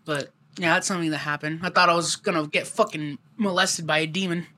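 Young dude, bright tense voice, swearing a lot while he tells a story. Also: on the high side, a little fast. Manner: rambling, profane, animated retelling. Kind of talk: casual storytelling chat.

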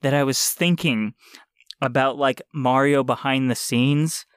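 A man's voice: medium pitch, steady tone, measured pace, smooth, no room sound, studio quality. A man hosting a podcast, rambling with enthusiasm and lots of fillers in casual chat. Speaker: podcast host.

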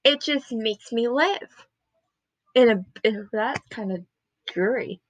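A woman's voice: on the high side, slow pace, no room sound, low-quality recording. A young woman in her twenties rambling and gushing to the camera in a casual chat, drifting off topic and dropping into whispers. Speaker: vlogger.

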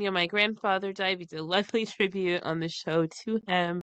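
This is a woman co-hosting a podcast, telling a personal story in casual chat. She acts out the quoted dialogue with lots of expression and laughs along the way. Her voice is bright and forward, and the recording is dry and close. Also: fairly low pitch, fairly quick, clean tone, dry recording. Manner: animated retelling with quoted dialogue and frequent laughs. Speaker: podcast co-host.

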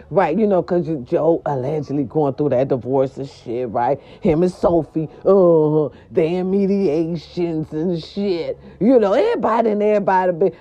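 A woman hosting a casual celebrity gossip show, loud, animated, swooping and profane. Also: mid-range voice. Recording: dull lo-fi sound.

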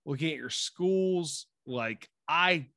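A man with a bright, fairly high voice talks college football on a podcast. He is casual and profane, dropping into mumbled asides and then bursting into excited pitches. The sound is dry and close. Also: slow, dry recording. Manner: animated, profane, swings from mumbling asides to loud hype. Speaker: podcast co-host. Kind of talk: casual sports podcast chat.

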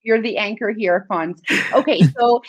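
A woman co-hosting a podcast, talking with warm enthusiasm about leadership in a casual chat. Her voice sounds dry and a little dull, with no room around it. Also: mid-range voice, normal speed, no echo. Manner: effusive, enthusiastic. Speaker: podcast co-host.

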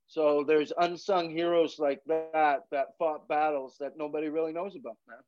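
Brief: male comedian guest from Canada, slightly high voice, rambling profane yarns, dry muffled audio. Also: fairly even intonation, moderate pace, darkish tone, no echo. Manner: rambling, profane, says "man" a lot. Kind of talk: casual storytelling chat.

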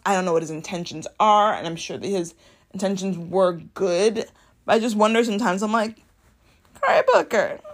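A young adult woman hosting a casual solo podcast. She talks in a chatty, animated way, full of fillers and self-corrections, and acts out her own reactions with big jumps in pitch. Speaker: podcast host. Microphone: home podcast mic.

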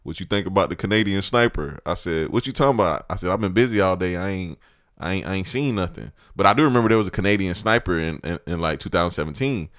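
A low-pitched man tells stories in a casual podcast chat, his voice swinging widely as he gets animated. He leans on slang, and the recording is close and dry. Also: fast talker, dry recording. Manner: loose storyteller, heavy slang, animated. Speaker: podcast co-host.

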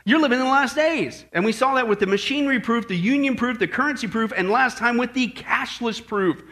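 A man's voice: very high-pitched, fairly quick, a bit bright. A male pastor preaching a sermon in a folksy, joking manner, telling a story before moving into his teaching. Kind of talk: sermon with joke.

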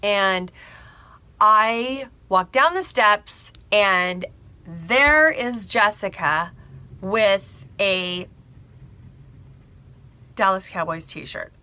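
A woman chattily telling a personal story to camera, animated and confiding, a bridal seamstress. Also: mid-range voice, very slow, pauses often, smooth.

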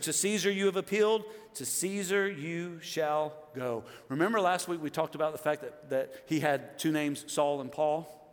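A man in his fifties preaches with a high, bright voice, jumping from loud bursts to quiet, pressing lines. His words ring out with a long hall reverb behind them. He speaks as a pastor to his congregation. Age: 50s. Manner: animated, swings from loud exclamations to hushed emphasis. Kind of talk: sermon.

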